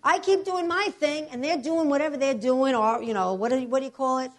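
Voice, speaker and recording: A middle-aged woman preacher telling a testimony in a sermon, animated and acting out the voices and prayers of the people in her story. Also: high-pitched, fairly quick.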